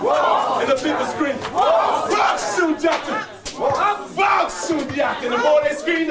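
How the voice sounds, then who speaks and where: A male storyteller with a very high-pitched voice performs a folk tale live, building rhythm and calling out for his audience to answer. The sound is roomy and echoing, caught from a distance. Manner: dramatic, rhythmic call-and-response with listeners. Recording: echoey room, voice from far off.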